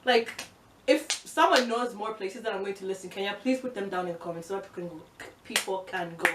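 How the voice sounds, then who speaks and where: A young woman from Uganda chatting fast and excitedly in a casual vlog, given to exasperated, swearing rants. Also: medium pitch, distant mic, heavy background noise. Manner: fast, excitable talker who speeds up. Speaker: vlogger. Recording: roomy, from the mic.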